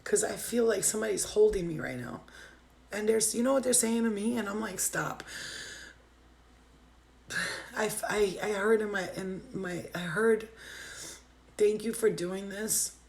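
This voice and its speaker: Woman, spiritual livestream reader, gravelly, heartfelt, swears casually, roomy echo. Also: medium pitch, moderate pace, darkish tone. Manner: heartfelt, swearing, talks straight to viewers. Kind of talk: emotional livestream talk.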